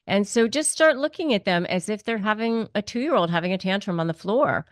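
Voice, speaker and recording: An earnest woman explains step by step how to deal with difficult people, repeating her main points for weight. Her voice sits at a middle pitch. The sound is dry and close, with no room echo. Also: lively intonation, brisk. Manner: earnest, repeats key phrases, acts out quoted speech. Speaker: narcissism expert guest. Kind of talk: conversational advice.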